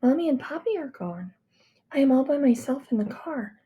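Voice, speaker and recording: A woman reading a first-person story in a hushed, intimate way. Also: high-pitched, lively intonation, normal speed, narrow, tinny audio. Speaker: audiobook reader.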